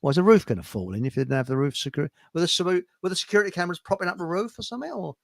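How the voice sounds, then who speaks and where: A middle-aged man, hosting a casual livestream chat, blunt and grumbling with quick asides. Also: high voice, lively intonation, vocal fry, dry recording. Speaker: host.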